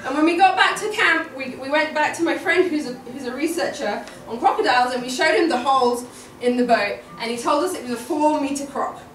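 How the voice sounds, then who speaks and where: High-voiced woman telling a story live. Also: a little fast, hardly any pauses. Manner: animated, laughing, repeats words for effect. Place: storytelling event venue. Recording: echoey room, distant mic, noisy.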